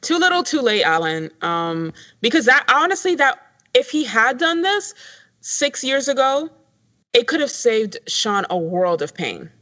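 Woman co-host, slightly high voice, blunt and sassy in casual chat. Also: big pitch swings, measured pace, bright, forceful tone. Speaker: podcast co-host.

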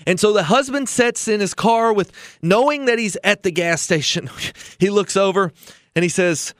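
Male podcast host, high voice, dry close mic, earnest persuasive storyteller. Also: normal speed, a bit bright, no room sound. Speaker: retirement planning podcast host.

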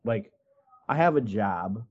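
A man's voice: fairly low pitch, lively intonation, slow pace, darkish tone, lo-fi sound. Rambling man from Wisconsin on a video call. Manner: rambling, many likes and you-knows, acts out quotes. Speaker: guest artist. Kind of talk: casual storytelling on a video call.

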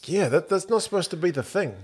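A man's voice: high voice, animated, quick pace, a little mellow, slightly rough. A man co-hosting a casual podcast over beers, talking in a dry, matter-of-fact way and swearing freely. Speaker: podcast co-host.

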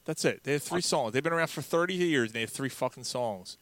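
A man's voice: medium pitch, expressive, fast talker, fairly bright tone, dry recording. A man co-hosting a podcast, chatting casually in a profane, rambling, digressive way. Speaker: podcast co-host. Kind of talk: casual chat.

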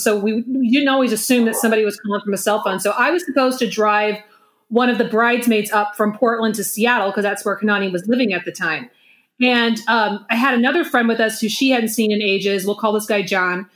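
A woman co-hosting a podcast, telling prank stories in a lively, laughing way and acting out what people said. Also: fairly high pitch. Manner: animated storyteller who laughs often and acts out quotes. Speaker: podcast co-host. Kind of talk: casual chat, storytelling. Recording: roomy echo.

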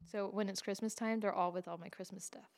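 Laughing, animated woman telling stories. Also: medium pitch, brisk. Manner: laughs often, animated storytelling. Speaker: podcast co-host. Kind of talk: casual chat.

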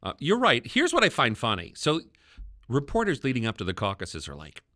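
A man with a Wisconsin accent hosting a political podcast, wry and quick to chuckle. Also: medium pitch, wildly swooping pitch, sharp tone, no room sound, studio quality. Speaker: podcast host.

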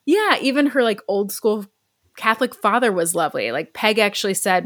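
A woman's voice: medium pitch, animated, brisk, a bit bright, dry recording. A woman co-hosting a podcast, telling a true story in a chatty, casual way with lots of "like" fillers. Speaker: podcast co-host.

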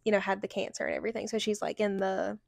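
In a clean studio recording free of room sound, a young woman co-hosts a podcast and tells a chatty story laced with "like." Her mid-range voice is steady, fast, creaky, and a little mellow.

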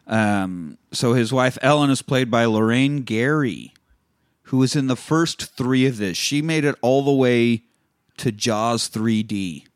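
A man's voice: medium pitch, unhurried, dry recording, clean studio sound. A man hosting a podcast, casually recapping a film scene by scene, swearing freely and acting out lines. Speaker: podcast host.

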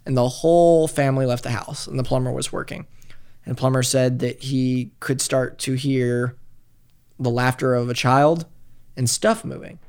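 A man hosting a podcast, telling a story in casual, profane, animated chat. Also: mid-range voice, moderate pace, clear, resonant tone.

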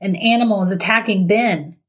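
A woman's voice: mid-range voice, a little slow, slightly rough. A woman voicing a scared, pleading young man. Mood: panicked. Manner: urgent, pleading.

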